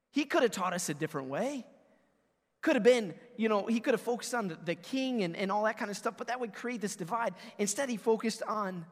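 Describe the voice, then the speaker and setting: High-voiced preaching man in a hall. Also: normal speed. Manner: energetic, conversational preaching with audience call-outs. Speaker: pastor. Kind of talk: sermon. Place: church sanctuary.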